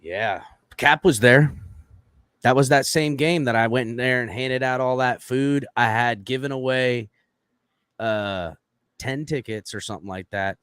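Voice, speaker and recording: A man spins a rambling, profane anecdote in casual podcast chat, full of fillers and acted-out dialogue. His voice sits in a middle pitch. The sound is dry and close. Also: normal speed, smooth, no room sound. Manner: animated, profane storytelling with lots of fillers; acts out quoted lines in raised voice.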